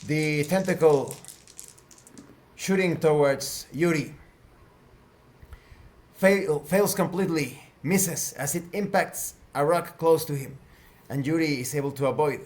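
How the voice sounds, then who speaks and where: A man narrating a tabletop game as game master, slow and deliberate. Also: on the high side, darkish tone.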